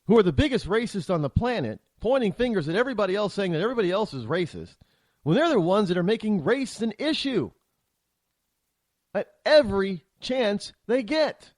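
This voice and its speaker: High, lively-voiced male political host. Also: normal speed, pauses often, dry recording. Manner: heated, opinionated, rambling with frequent restarts. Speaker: talk show host. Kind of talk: political commentary monologue.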